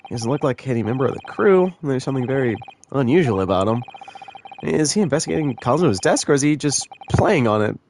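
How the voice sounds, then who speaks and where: A man's voice: medium pitch, expressive, fairly quick, darkish tone, slight background noise, close to an everyday voice. A man voicing a polite, earnest young male lawyer in a video game, speaking hesitantly. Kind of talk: video game voice-over dub.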